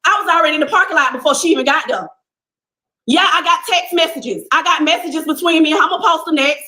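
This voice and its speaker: Young woman, casual storyteller vlogging to her followers, sharp bright voice, acts out the other people in the story. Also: high voice, fast talker, echoey room, rough recording. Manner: animated, talks to viewers as y'all, acts out what people said. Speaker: person telling a personal story. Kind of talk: casual first-person storytelling.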